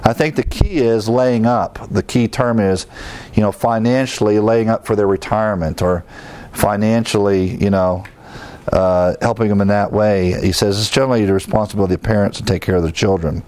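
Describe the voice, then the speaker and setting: A man's voice: fairly low pitch, steady tone, moderate pace, a little mellow, smooth. A middle-aged man, a pastor, teaching verse by verse through a Bible passage, reading verses aloud and explaining them plainly. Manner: explains scripture plainly, reads verses aloud, with fillers and restarts.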